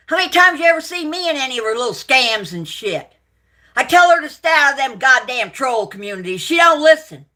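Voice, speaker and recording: A woman on a livestream, angrily ranting at her viewers, swearing and accusing, shouting out names, then muttering to herself between outbursts. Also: fairly high pitch. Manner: profane, accusing, shouting and yelling. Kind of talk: angry livestream rant at viewers.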